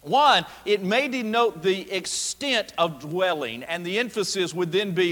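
A male pastor delivers a sermon with emphatic, deliberate phrasing, drawing out the quoted lines. His voice sits fairly high for a man. The sound carries a long reverb from a church hall. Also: expressive, fairly bright tone. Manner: emphatic preaching with slow stressed quotations. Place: church sanctuary.

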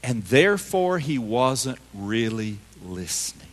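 Dynamic preacher in a reverberant sanctuary. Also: male voice, medium pitch, big pitch swings, slow pace. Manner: emphatic, swinging between loud and hushed. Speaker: pastor. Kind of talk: sermon. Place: church sanctuary.

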